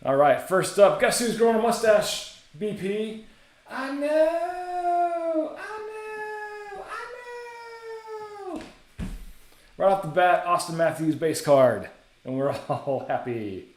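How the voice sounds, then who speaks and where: A male host gives casual, chatty live card-break commentary, rattling off names in an unhurried way. His fairly high voice has lively intonation, and the room sounds echoey.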